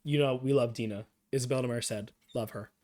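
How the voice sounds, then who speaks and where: A man's voice: mid-range voice, steady tone, a little fast, darkish tone. A man streaming live, chatting casually and enthusiastically as he recaps and reacts to a TV episode. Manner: enthusiastic, rambling recap with quoted lines. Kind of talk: casual show discussion.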